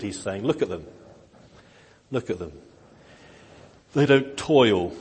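Slow, husky-voiced male preacher in reverb. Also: lowish voice. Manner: slow, gentle, earnest with emphatic rises. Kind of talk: sermon. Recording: long hall reverb.

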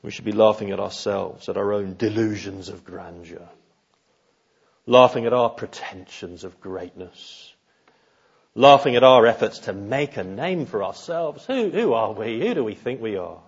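A man preaching a sermon, animated and acting out quoted voices, at times dropping to hushed tones. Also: fairly low pitch, measured pace, vocal fry, husky, lo-fi sound.

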